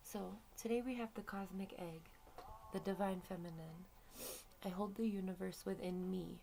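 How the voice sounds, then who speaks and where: A woman hosting a spiritual card-reading video, reading aloud from a card deck with a deep, gravelly morning voice in a calm, unhurried way. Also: background noise.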